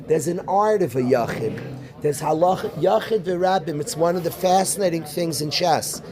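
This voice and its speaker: A man, a rabbi teaching a Talmud class, animated, calling on students by name and repeating his questions. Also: fairly high pitch, normal speed, over music. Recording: room noisy with student chatter.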